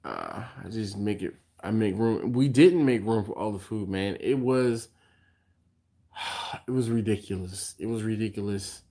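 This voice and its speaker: A fairly low-voiced man hosting a casual live stream, tired and yawning between thoughts. He rambles on in a loose, chatty way and stops to answer viewer comments. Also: expressive, measured pace, dark tone. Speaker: barbecue channel host.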